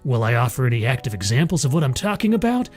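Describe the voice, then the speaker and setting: A man's voice: mid-range voice, sing-song, quick pace, darkish tone, soft background music. A man hosting a livestream, reading an article aloud and mocking it with sarcastic asides. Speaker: streamer host.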